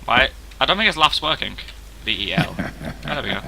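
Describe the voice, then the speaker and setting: A young man hosts a gaming video, narrating casually in a chatty, self-deprecating ramble as he walks through the game's features. His medium-pitched voice is very animated, brisk and creaky, set against a noisy background.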